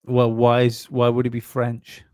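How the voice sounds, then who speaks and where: A man's voice: mid-range voice, completely flat delivery, normal speed, darkish tone, clean tone, no echo, clean studio sound. A man co-hosting a casual conspiracy podcast, rambling and swearing, often restarting his sentences. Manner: rambling, profane, many restarts. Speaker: podcast co-host.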